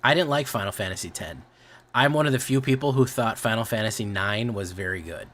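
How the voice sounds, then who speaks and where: Low-voiced rambling male streamer. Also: expressive, brisk, fairly bright tone. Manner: rambling, swears casually, self-correcting. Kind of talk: casual stream chat.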